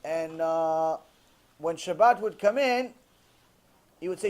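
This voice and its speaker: A rabbi giving a lecture, telling a story in a lively storytelling manner and mixing in Hebrew terms. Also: male voice, on the high side, slow, long pauses.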